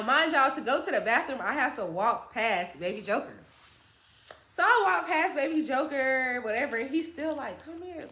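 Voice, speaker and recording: A young woman telling a casual storytime to her viewers, chatty and animated, acting out what her friends said. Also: fairly high pitch. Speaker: storytime vlogger. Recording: echoey room.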